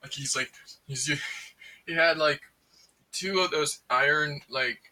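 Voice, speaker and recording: Excitable guy rambling a movie review, kinda far from the mic, super bright tone. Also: a little high, slow pace. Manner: excitable, many fillers and restarts. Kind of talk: casual rambling movie recap.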